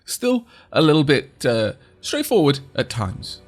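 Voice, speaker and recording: Husky guy streaming a game, animated, rambly, reads chat out. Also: a little high, unhurried. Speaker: gaming streamer. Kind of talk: live stream commentary.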